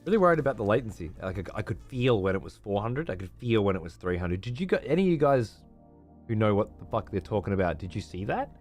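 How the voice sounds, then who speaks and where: A man's voice: lowish voice, sing-song, quick pace, faint music behind. A man with an Australian accent, hosting a stream in casual, profane chat and laughing often. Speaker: streamer host.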